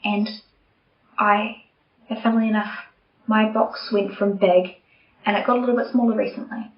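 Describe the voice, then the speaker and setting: A woman's voice: mid-range voice, steady tone, moderate pace. A young woman hosting a podcast, talking candidly and earnestly in a personal monologue, sometimes dropping to a near-whisper. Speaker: podcast host. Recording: roomy, slightly dull home recording.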